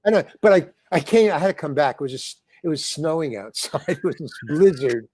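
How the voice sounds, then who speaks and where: A man's voice: fairly high pitch, lively intonation, brisk, a little mellow, husky, no room sound, clean studio sound. An older man, a comedian and actor, telling rambling stories with many restarts and acting out the lines he quotes. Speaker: comedian and actor, interview guest. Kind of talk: rambling storytelling in conversation.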